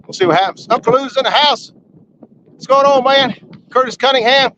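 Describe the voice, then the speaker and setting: A man hosting a casual live fishing stream from a boat on a river, folksy and excitable, whooping when a fish is released. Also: very high voice, fairly quick. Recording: lo-fi outdoor stream with boat noise.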